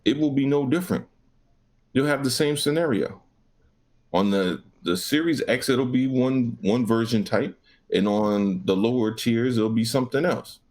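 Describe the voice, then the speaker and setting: A man's voice: mid-range voice, moderate pace, darkish tone. A man co-hosting a gaming podcast, ranting casually with lots of profanity and acted-out back-and-forth. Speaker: podcast co-host.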